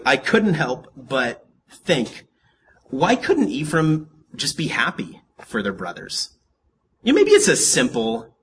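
A man preaching a casual, joking sermon to a congregation and telling Bible stories in a lively, storytelling way. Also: fairly low pitch, breathy edge. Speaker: pastor.

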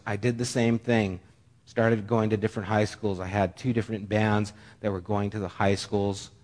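A middle-aged man preaching a sermon, telling a personal story in an earnest, halting way with frequent restarts. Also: on the low side.

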